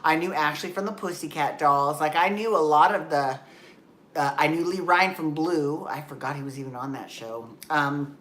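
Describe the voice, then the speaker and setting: Low-voiced woman rambling in a vlog. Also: moderate pace, fairly bright tone, echoey room. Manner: rambling, self-correcting, candid and swears. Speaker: vlogger. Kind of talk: casual chatty vlog. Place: home, just out of the shower.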